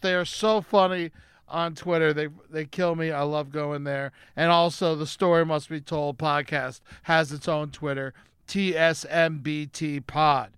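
A man hosting a casual comedy podcast from home, upbeat and quick to laugh. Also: a little high, sharp tone, smooth, no room sound, clean studio sound. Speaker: podcast host. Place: home setup during lockdown.

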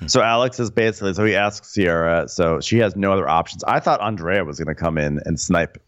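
A man's voice: low voice, a little fast, a bit bright, dry recording, dull audio. A man co-hosting a podcast, recapping a reality show in casual chat and slipping into mocking impressions of the cast. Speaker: podcast co-host.

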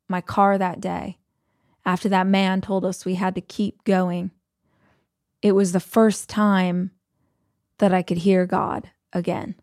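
Woman podcast host, mid pitch, dry close mic, emotional storytelling, chatty fillers. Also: a little mellow, no room sound. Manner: emotional, conversational, frequent "like" fillers. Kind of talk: personal storytelling monologue.

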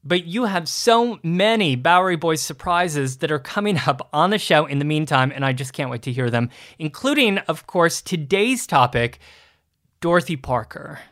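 A man's voice: a little high, lively intonation, moderate pace, fairly bright tone, no echo, studio quality. A man co-hosting a history podcast, chatting eagerly and bantering with his partner. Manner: upbeat, eager, friendly banter. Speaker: podcast co-host. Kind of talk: casual podcast chat.

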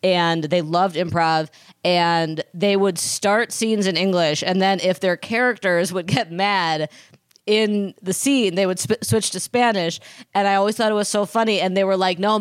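A woman in her thirties gossips with her co-hosts in an easygoing, chatty way. She tells stories with energy and slips into the voices of the people she quotes. Her voice is mid-pitched and sounds close and dry. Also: clear, resonant tone, no echo. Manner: animated storyteller, acts out quoted voices. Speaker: podcast co-host. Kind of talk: casual gossip chat.

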